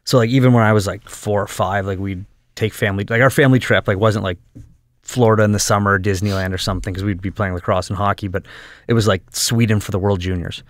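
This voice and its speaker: A man who is a guest on a podcast, talking in a relaxed, joking way. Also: fairly low pitch, fast, no echo. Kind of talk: casual podcast interview.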